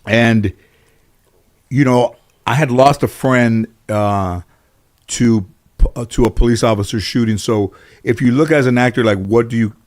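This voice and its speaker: A man's voice: medium pitch, fairly even intonation, a little slow, a little mellow. Middle-aged man telling rambling stories. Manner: rambling anecdotes full of "you know". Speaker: interview guest. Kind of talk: casual storytelling.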